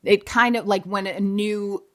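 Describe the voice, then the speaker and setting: A woman in a relaxed podcast chat, talking freely and often making fun of herself. She speaks at an ordinary mid pitch, like a former morning TV presenter trading stories. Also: a little slow. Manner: chatty and self-mocking. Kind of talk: casual chat.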